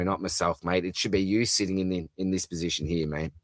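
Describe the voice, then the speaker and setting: A deep-voiced Australian man hosts a live stream from home. He reads viewers' comments aloud and answers in a loose, friendly, rambling way, calling everyone mate. The sound is dry and close to the mic. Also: fairly even intonation, fast talker, dry recording. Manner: chatty, matey, calls everyone mate, lots of fillers. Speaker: fantasy football livestream host.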